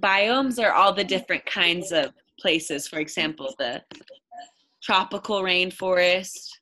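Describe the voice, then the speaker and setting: A woman's voice: on the low side, a little slow, bright, forceful tone, slight background noise, rough recording. A woman teaching an online English lesson to a child, explaining patiently and encouraging.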